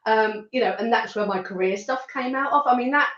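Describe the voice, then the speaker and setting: A woman's voice: on the high side, a little fast, a bit bright, roomy sound, dull audio. A woman with a rural Suffolk accent, chatting as an interview guest, laughing often and restarting her sentences. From rural Suffolk, England. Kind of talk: casual interview chat.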